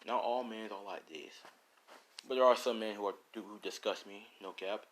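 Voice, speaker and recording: A man's voice: on the low side, fairly even intonation, moderate pace, fairly bright tone, slight background noise. A man casually narrating a fan story, rambling with slangy, profane asides.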